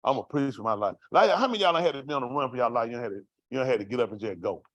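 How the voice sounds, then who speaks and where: This medium-pitched man talks very fast and expressively as he delivers a raw, vernacular testimony about street life to a congregation. He questions the room rhetorically along the way, and there is no room sound in the recording.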